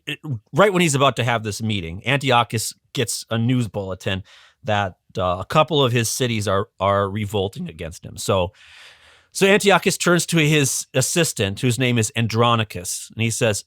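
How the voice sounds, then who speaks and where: A man retells history as a podcast guest in a casual, animated way, chuckling and often starting his sentences over. His voice sits at a middle pitch. The sound is dry and close, with no room echo. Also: normal speed. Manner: animated, chuckling, many restarts. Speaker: guest educator.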